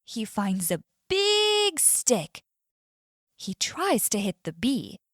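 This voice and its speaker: Slow, expressive woman storyteller. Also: fairly high pitch, dry recording, clean studio sound. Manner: clear, expressive, deliberate. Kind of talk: slow scripted story narration for learners.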